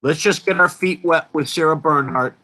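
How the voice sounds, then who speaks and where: A man's voice: fairly high pitch, moderate pace, sharp tone. A man presenting an informal lecture, talking in an emphatic, rambling way and interrupting himself often.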